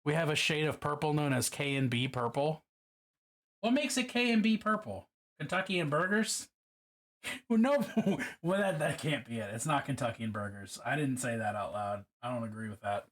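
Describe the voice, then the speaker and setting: A man's voice: mid-range voice, lively intonation, normal speed, fairly bright tone. A man from Baltimore chatting casually on a live stream while painting miniatures alone in his room, profane, rambling and self-mocking.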